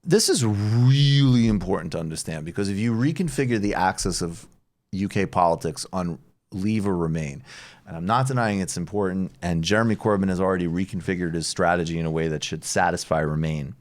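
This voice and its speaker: Low-voiced man hosting political talk. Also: brisk. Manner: loose, digressive, lots of "like" fillers. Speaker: podcast host. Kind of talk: political commentary chat.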